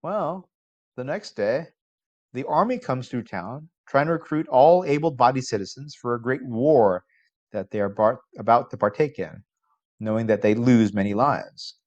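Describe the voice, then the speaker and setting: A male philosophy professor giving a college lecture at a middle pitch. He is conversational and often poses rhetorical questions. He grows animated in stories and restarts phrases as he goes. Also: moderate pace, highs cut off.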